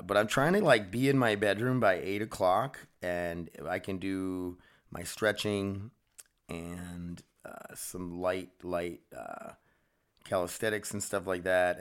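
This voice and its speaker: A man's voice: sits low, clear, resonant tone. Rambling, scattered man hosting a podcast. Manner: scattered, easily sidetracked, swears casually; frustrated, self-deprecating. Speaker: podcast host. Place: home studio room.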